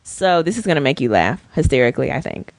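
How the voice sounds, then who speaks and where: A woman's voice: low-pitched, fast, no echo. A woman co-hosting a podcast, chatting casually and telling stories expressively. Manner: animated storyteller, expressive. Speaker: podcast co-host. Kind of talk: casual chat.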